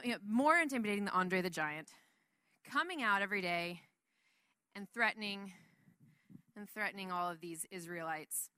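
Chatty, bright-voiced woman teaching the Bible. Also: medium pitch, no echo, clean studio sound. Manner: chatty, rambling, laughs often.

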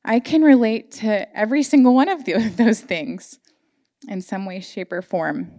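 A woman's voice: mid-range voice, measured pace, warm tone. A woman giving an earnest, emotional sermon to her church congregation, sharing personal stories. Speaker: church speaker. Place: church sanctuary.

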